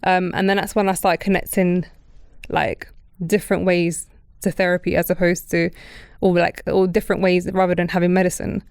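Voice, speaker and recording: A woman's voice: lowish voice, moderate pace, clear, resonant tone, no room sound, studio quality. A woman, hosting a podcast and telling her own story candidly, acting out the people in it. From Britain. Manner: candid, animated storytelling with quoted voices. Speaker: podcast host. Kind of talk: casual chat.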